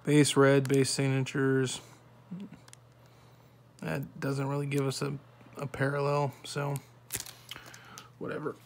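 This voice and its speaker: A man hosting a home card-opening video, reading off player names one by one with quick offhand remarks in a soft-spoken way. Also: medium pitch, completely flat delivery, a little hiss or hum. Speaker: card-opening channel host. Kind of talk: casual card-opening commentary.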